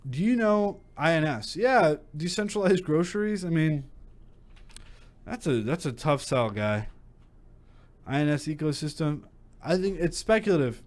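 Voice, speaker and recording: A young man hosting his own channel, speaking in a loose, chatty way. He is blunt and frank, stumbling over restarts and filling pauses with "you know" and "I mean.". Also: on the high side. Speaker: crypto channel host. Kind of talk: casual vlog commentary.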